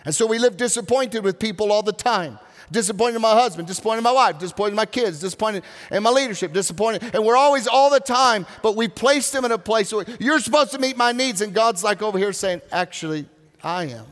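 A man preaching a sermon as pastor, earnest, slowing down to stress key words. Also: high voice. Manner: earnest preaching with slow, drawn-out emphasis. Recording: reverberant hall.

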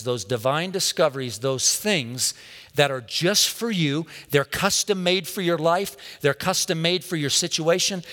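A man preaching with a fairly high voice. He drives his points home in repeated, emphatic refrains and calls out questions to the congregation. His voice rings with the long reverb of a large hall. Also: a bit bright. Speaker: pastor. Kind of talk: sermon.

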